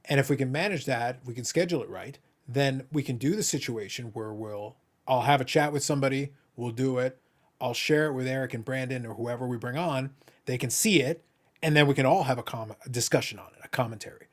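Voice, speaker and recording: A man's voice: medium pitch, brisk. A man hosting a casual podcast chat, talking in a laid-back way with wry joking asides. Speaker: podcast host.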